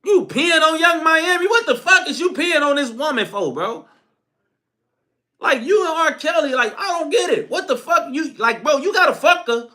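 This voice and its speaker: Very high-voiced ranting young man. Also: normal speed. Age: young adult. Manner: animated, crude, laughing. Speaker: commentator. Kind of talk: profane solo commentary rant.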